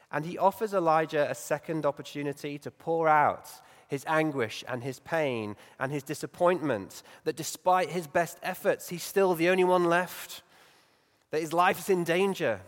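A male preacher giving a Sunday morning sermon in a reflective, conversational way, growing animated as he acts out Bible stories. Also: on the high side, normal speed. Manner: reflective, conversational, lively when acting out stories. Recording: long reverb in a large hall.

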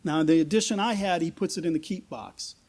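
A middle-aged pastor with a high-pitched voice preaches in a loose, conversational way. He often restarts and repeats words as he tells a story to make his point. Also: fast, a little mellow, breathy edge. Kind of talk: sermon with storytelling.

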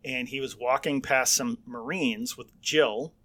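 A man's voice: mid-range voice, steady tone, unhurried, fairly bright tone. Joking middle-aged male podcast co-host. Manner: joking, mocking, laughs often. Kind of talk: casual irreverent banter.

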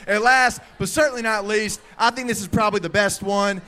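A male youth pastor preaching a lively, crowd-engaging sermon with a high, bright, ringing voice. He is playful and energetic, joking with the room and calling out loudly to his listeners. He speaks into a handheld microphone in a youth service hall. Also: brisk.

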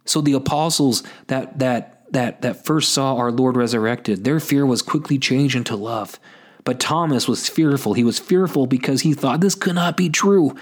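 A man's voice: medium pitch, moderate pace. Earnest man giving pastoral faith talk. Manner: earnest and exhortative, addresses listeners as folks; unscripted, with frequent repeats and restarts. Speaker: host of a Catholic talk show.

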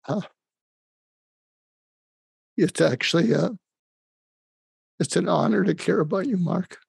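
Older male interview guest with a husky, gravelly voice. He speaks calmly and hesitantly, and the sound is dry. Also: high voice, no room sound. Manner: calm, halting, with frequent pauses and fillers. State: facing terminal illness. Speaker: guest, psychiatrist and author. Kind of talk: emotional conversational interview.

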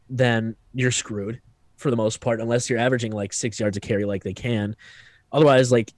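A man's voice: medium pitch, fairly even intonation, normal speed, a little mellow, dry recording. A man co-hosting a casual sports podcast, arguing his takes with stats and the odd swear word. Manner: opinionated, swears freely, builds arguments with stats.

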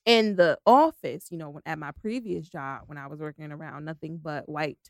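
A woman's voice: sits low, normal speed, creaky, dry recording, studio quality. A young woman co-hosting a podcast in casual chat, blunt and profane, talking with animation and lots of fillers. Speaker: podcast co-host.

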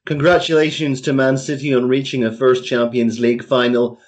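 A man hosting a podcast, asking his co-hosts questions about football in a halting way. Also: medium pitch, level tone. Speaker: podcast host. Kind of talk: casual football chat.

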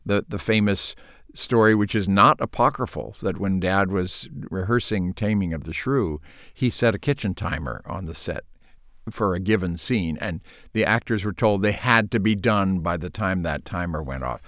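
A man talking as a guest and telling animated stories, with some restarts. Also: sits low, normal speed, no echo, clean studio sound. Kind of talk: reminiscing conversation.

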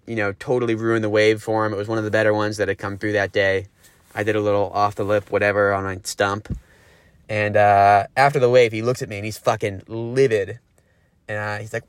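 A man's voice: on the low side, clear, resonant tone, no echo. A young man from Los Angeles telling a surf story in a grumpy, profane, rambling way. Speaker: caller confessing a surf story. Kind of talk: casual storytelling.

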